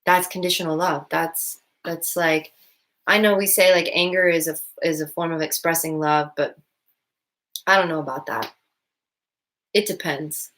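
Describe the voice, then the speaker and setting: A woman's voice: deep voice, steady tone, moderate pace, pauses often, fairly bright tone. A woman vlogger talking through her thoughts in a casual, rambling way, full of restarts and "like" fillers. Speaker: vlogger and stepmom. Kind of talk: casual reflective monologue.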